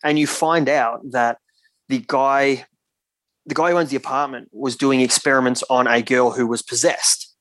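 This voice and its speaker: A man's voice: mid-range voice, fairly even intonation, moderate pace, a bit bright, no echo. A man in casual podcast chat, animatedly retelling a scene and swearing freely.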